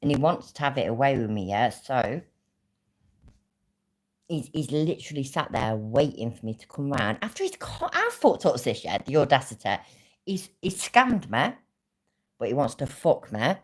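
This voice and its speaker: A woman's voice: rumbling low, big pitch swings, normal speed. A woman hosting a livestream, ranting angrily with a lot of swearing about being scammed. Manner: angry, swearing, vexed. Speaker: livestream host. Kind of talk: casual livestream rant.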